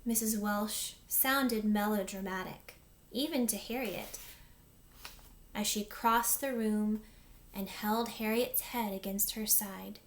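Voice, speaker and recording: A woman teacher reading a chapter book aloud to her class in an expressive storytelling manner. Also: medium pitch, slow pace.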